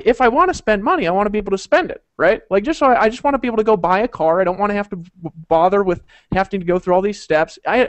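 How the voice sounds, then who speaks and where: A man tells a long story in an easy, rambling way, filling it with fillers and asides. His voice sits high and he talks quickly. The sound is dry and close. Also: no echo. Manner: rambling, laughing, full of fillers. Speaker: host of a group call. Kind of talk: casual storytelling.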